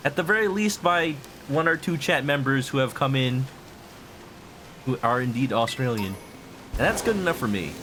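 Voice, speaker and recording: A man's voice: mid-range voice, expressive, normal speed. A man streaming a video game, chatting playfully with his viewers and humming to himself. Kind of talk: casual game commentary. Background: game music.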